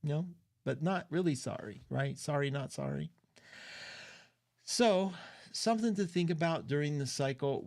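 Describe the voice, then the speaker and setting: A middle-aged man hosting an astrology livestream. His delivery is chatty and loose, emotional and quick to give an opinion. His voice sits at an ordinary pitch for a man. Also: a little mellow. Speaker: astrology show host. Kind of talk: casual livestream talk.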